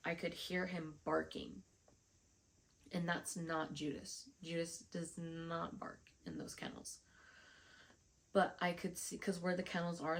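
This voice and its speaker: A woman's voice: on the low side, creaky. A woman vlogger telling a story casually, frustrated and swearing often, acting out the dialogue she quotes.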